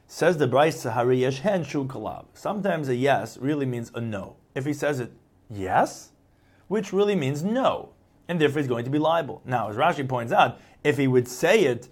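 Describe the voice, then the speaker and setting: A man's voice: medium pitch, breathy edge. A man giving a Talmud lesson. He translates each phrase into plain English and acts out the quoted replies by changing his tone. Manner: explains each phrase in English after reading it. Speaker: Talmud teacher. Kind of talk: Talmud lecture.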